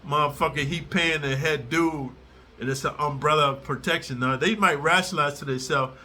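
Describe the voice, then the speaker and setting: A man's voice: on the high side, fairly quick, pushed and bright, slight background noise. A middle-aged man ranting at his audience in a profane, aggressive and confrontational way, as host of his own channel. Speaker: prison storyteller channel host. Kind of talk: profane direct-to-camera rant.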